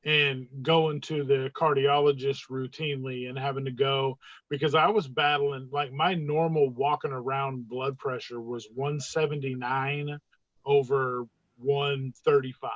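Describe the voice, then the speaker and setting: Animated storyteller on a dull dry line. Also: medium pitch, measured pace, dry recording. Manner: animated, acts out quoted dialogue in raised voices. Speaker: podcast guest. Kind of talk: casual storytelling.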